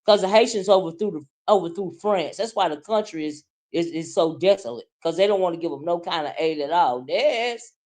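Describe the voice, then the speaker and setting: A woman hosting a casual livestream, teasing loudly and swinging from low mutters to shouts. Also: animated, brisk, few pauses. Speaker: livestream commentary host.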